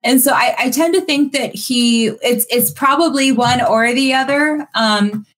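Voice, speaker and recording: A woman's voice: high voice, unhurried, fairly bright tone. A woman co-hosting a podcast, explaining her view at length in casual chat with many ums and uhs.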